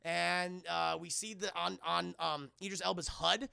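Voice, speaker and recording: A man streaming a casual film recap, animated and profane, often addressing his chat. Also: high voice, unhurried, gravelly, clear, resonant tone, no echo, studio quality.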